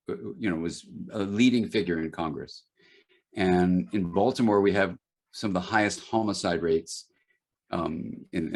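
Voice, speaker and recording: A middle-aged man, an author speaking as a guest in a webinar conversation, telling stories with frequent restarts and fillers. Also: deep voice. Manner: storytelling, many restarts and fillers.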